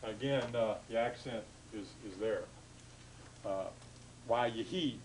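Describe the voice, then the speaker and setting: A man lecturing a class on grammar, halting and full of fillers, stopping to correct himself. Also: on the low side, a little hiss or hum, rough recording.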